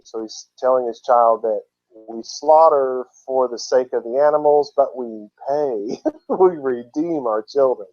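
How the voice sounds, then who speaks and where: A man's voice: mid-range voice, unhurried, dull audio. A man teaching from scripture who reads passages aloud and breaks in with casual explanations. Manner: explains terms with casual asides. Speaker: Bible teacher.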